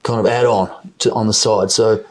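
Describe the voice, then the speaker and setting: A man's voice: fairly low pitch, fairly even intonation, moderate pace, slight background noise. A man with a New Zealand accent, a mining company chief executive, explaining plans in an investor interview, often repeating words as he restarts.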